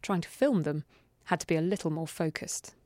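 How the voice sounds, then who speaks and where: A woman's voice: low-pitched, a little fast, a little mellow, dry recording. Podcast host woman, dry scripted narration.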